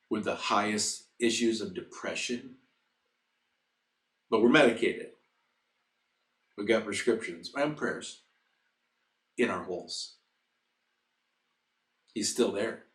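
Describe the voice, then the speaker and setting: Man, chapel speaker, earnest storytelling sermon, roomy echo. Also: fairly low pitch. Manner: earnest, builds to emphatic loud passages. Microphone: recorded to camera.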